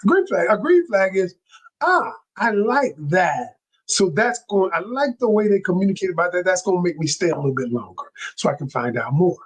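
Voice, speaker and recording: A man talking as a relationship coach in an interview, animated and excitable, with a casual way of speaking and frequent restarts. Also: high-pitched, fast, few pauses. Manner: colloquial, with many restarts. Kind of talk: interview guest.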